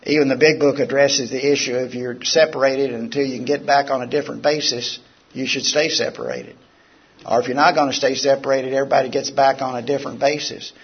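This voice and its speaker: An addiction recovery lecturer gives a casual, animated talk to a live audience in a meeting hall, explaining through stories in a conversational way. His voice is gravelly and raspy, medium-pitched and brisk, and the live recording sounds dull and lo-fi.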